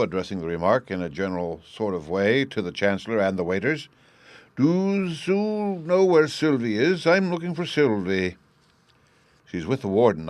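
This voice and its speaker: A man with a fairly low voice reads a classic story aloud at a steady, measured pace. The recording is dry and close, with no room sound around him. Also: no room sound. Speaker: audiobook narrator. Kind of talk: scripted audiobook narration.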